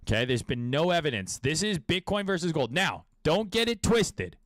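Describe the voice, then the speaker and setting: Male crypto host, raised pitch, dry close sound, crude riffing delivery. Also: sing-song, normal speed, fairly bright tone, no echo. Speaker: crypto trading commentator. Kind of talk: casual market commentary.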